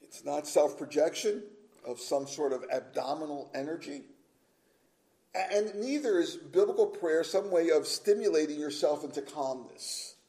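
A pastor preaching an earnest sermon, stressing each point with repeated phrases and slowing down to read scripture aloud. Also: male voice, a little high, vocal fry, dark tone, low-quality recording.

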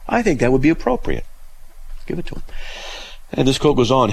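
A man's voice: very animated, brisk, gravelly, husky, rough recording. A man hosting a call-in radio show about theology, talking in loose, rambling sentences full of fillers and breaking into emphatic, scornful exclamations. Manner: emphatic, scornful bursts of high-pitched exclamation.

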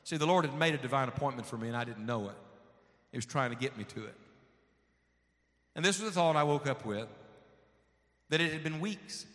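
A man's voice: medium pitch, lively intonation, a little fast, long pauses, a bit bright. A man preaching a sermon, telling a personal story in a folksy way and acting out the dialogue. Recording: long hall reverb.

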